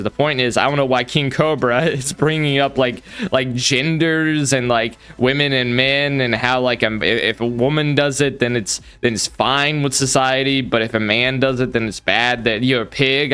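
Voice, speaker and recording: A man's voice: mid-range voice, normal speed, few pauses, bright, forceful tone, clean tone. A man hosting a commentary video, hesitant, with repeated words and frequent fillers. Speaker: commentary channel host. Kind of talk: commentary reaction.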